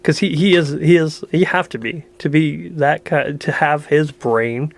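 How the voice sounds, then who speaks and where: A man's voice: a little high, steady tone, a little slow, vocal fry. A man co-hosting a podcast, talking bluntly and profanely in casual chat, laughing often. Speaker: podcast co-host.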